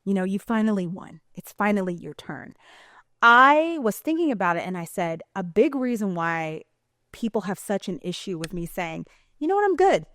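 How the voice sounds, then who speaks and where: A woman's voice: medium pitch, expressive, moderate pace, fairly bright tone, no echo. A woman talking in a casual vlog monologue, chatty, colloquial and emphatic. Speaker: vlogger.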